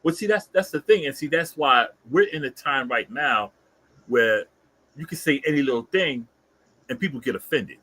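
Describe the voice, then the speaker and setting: A man in his fifties with a Bronx New York accent, co-hosting a casual chat and telling stories in an animated way, full of street slang. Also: mid-range voice, normal speed, breathy edge. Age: 50s. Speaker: co-host.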